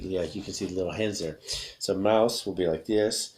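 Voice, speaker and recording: A man's voice: sits low, fairly even intonation, a little mellow, a little hiss or hum. Upbeat man teaching word gestures. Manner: upbeat, repetitive, demonstrating words slowly. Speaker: English teacher. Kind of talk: video lesson teaching gestures to learners.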